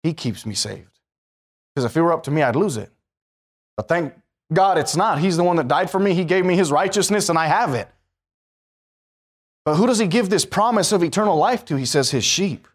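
A man's voice: on the high side, animated, fairly quick, long pauses. A man, sounding, preaching a sermon in a conversational way that rises to emphatic bursts and puts questions to the listeners.

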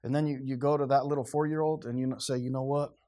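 A male pastor preaching in a loose, conversational way. He swings between raised, punchy lines and quiet, earnest ones, often slipping into acted-out quotes. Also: medium pitch, fast talker. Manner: conversational, animated, acts out quotes. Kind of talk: sermon.

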